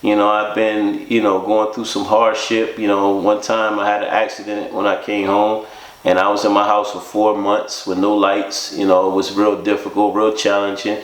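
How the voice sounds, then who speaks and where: A man's voice: fairly low pitch, monotone, normal speed, roomy sound. A man telling his life story in a casual interview, often acting out what others said. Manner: casual, acts out quoted voices. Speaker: interview guest. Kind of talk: candid storytelling.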